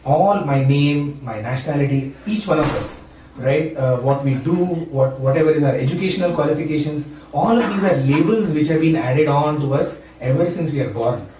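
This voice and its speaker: Brief man, devotional speaker, chatty and talkative, slightly higher voice, picked up from a distance in a very echoey room. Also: moderate pace, dark tone, slight background noise. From Maharashtra, India. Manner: chatty, frequent "right?" and "you know". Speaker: spiritual speaker and university teacher. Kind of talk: informal devotional talk.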